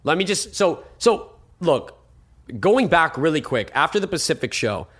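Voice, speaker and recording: A man who is a guest on a podcast, telling stories in an animated, joking, sometimes defensive way. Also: on the high side, moderate pace, very noisy. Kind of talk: casual podcast chat.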